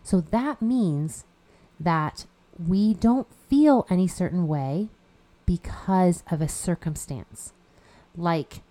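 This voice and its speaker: A woman's voice: lowish voice, dark tone. A woman hosting a podcast as a life coach, talking casually with a stuffy nose, chatty and encouraging. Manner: chatty and encouraging, with frequent "you know" fillers.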